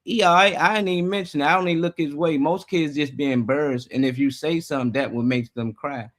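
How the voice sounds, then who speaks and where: A man speaks his mind in a casual morning show chat. His voice sits fairly high for a man, and his delivery is blunt, profane and emphatic. He talks as a parent. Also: steady tone, a little fast, a bit bright. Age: adult with children.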